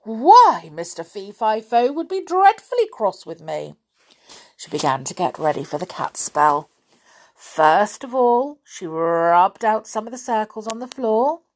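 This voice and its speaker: Expressive woman reading a children's story. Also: lowish voice. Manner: expressive, with asides to the listener.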